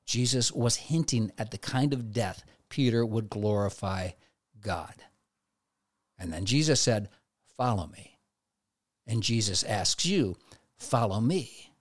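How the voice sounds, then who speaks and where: A man's voice: mid-range voice, no echo, clean studio sound. A man giving a conversational devotional talk, now and then acting out quoted inner voices. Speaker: preacher.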